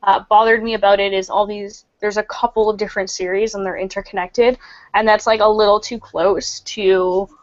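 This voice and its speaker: A woman's voice: medium pitch, flat delivery, moderate pace. A woman hosting a casual book club over a video call from a room at home, chatty and full of fillers. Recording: muffled video-call audio.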